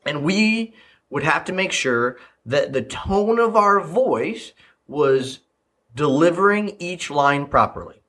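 A man's voice: fairly high pitch, expressive, slow, a bit bright. A man hosting a parenting podcast, telling childhood stories in a loose, chatty way with fillers and repeated phrases. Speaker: podcast host, leadership coach. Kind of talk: casual solo podcast talk.

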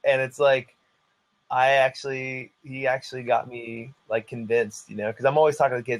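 A man's voice: mid-range voice, a little fast, rough recording. A man who teaches martial arts, telling a story in a casual podcast chat and filling it with "like". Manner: animated storyteller, heavy use of "like".

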